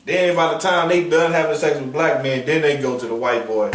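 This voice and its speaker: A man preaching out on a downtown street, forceful and confrontational in a slangy, street-level way. His mid-range voice is caught from some distance, with a heavy echo around it and faint background hiss. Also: a little high, steady tone, a little fast. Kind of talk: outdoor street preaching with call-and-response. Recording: echoey street sound from a distance.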